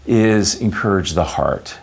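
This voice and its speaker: Deep-voiced man answering interview questions. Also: expressive, creaky, slightly rough. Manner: halting, with many fillers and restarts; anecdotal storyteller. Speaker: interview guest.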